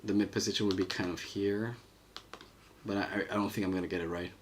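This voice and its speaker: A man's voice: lowish voice, flat delivery, quick pace, slight background noise. A man streaming his animation work, thinking aloud in casual commentary as he draws and reads the chat. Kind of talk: casual livestream commentary while drawing.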